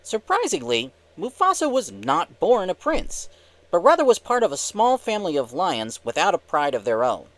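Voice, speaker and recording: A man hosting a movie review channel, narrating the review in an upbeat, lively, scripted way. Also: sits high, moderate pace, no room sound.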